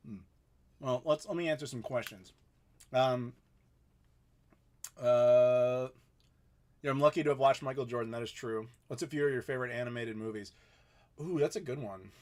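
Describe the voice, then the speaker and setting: A man in his thirties with a mid-range, darkish voice talks at a normal pace but leaves long pauses. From home, he hosts a casual live question-and-answer stream on a desk mic, staying easygoing and chatty and laughing frequently.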